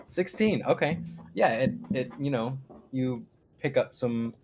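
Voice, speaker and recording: A man narrating as game master of a live tabletop game, in a relaxed, loose way. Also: mid-range voice, unhurried, slight background noise.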